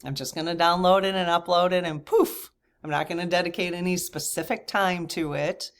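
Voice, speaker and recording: A woman's voice: fairly low pitch, fairly even intonation, moderate pace. A woman hosting her own channel, chatting casually to viewers in a rambling way, with frequent restarts and laughter. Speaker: channel host. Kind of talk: casual chat to camera.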